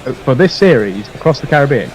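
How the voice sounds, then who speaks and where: A man's voice: medium pitch, very animated, low-quality recording. A man giving chatty live ball-by-ball cricket commentary on a radio stream. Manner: chatty, quick to laugh, mixes play calls with plugs.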